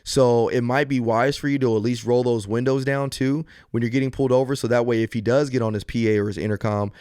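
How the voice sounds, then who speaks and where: He's a police officer hosting an advice podcast on his own, speaking fast in a steady, slightly mellow mid-range voice. He explains earnestly, step by step, restarting often and using plenty of fillers. The sound is dry and studio-clean.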